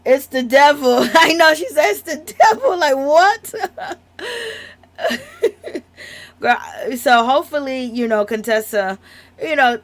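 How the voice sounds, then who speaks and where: A woman's voice: high-pitched, animated, slow pace, pauses often. A woman giving casual, sassy, slangy commentary on a reality show, laughing often.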